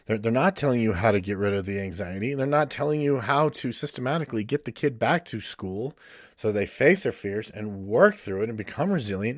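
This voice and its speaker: A man's voice: mid-range voice, animated, a little fast, dry recording, studio quality. A male counselor giving a blunt, ranting podcast monologue and swearing freely.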